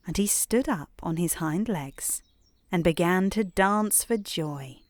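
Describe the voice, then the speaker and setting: A British woman reading a bedtime story in a calm, soothing, unhurried way. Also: lowish voice, no room sound.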